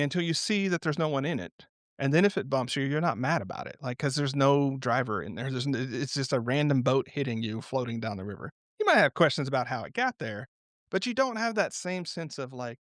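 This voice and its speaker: Guy on a podcast musing out loud, mid-pitch voice, dead dry sound, laughs a lot while he tells stories. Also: normal speed, no echo. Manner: reflective, animated storytelling with frequent laughs. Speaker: podcast guest. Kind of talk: unscripted podcast conversation.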